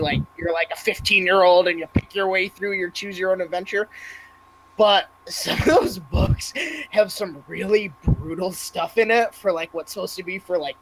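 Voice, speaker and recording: High-voiced, enthusiastic man chatting. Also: a bit bright, a little hiss or hum, low-quality recording. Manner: enthusiastic, swears casually. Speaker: podcast co-host. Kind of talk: casual chat.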